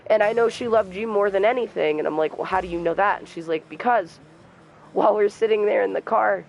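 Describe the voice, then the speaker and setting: A young man streaming a game, telling a personal story in a soft, halting voice and trash-talking the game now and then. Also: high voice, vocal fry, a little hiss or hum, poor audio. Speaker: gamer streamer. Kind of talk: casual storytelling while gaming.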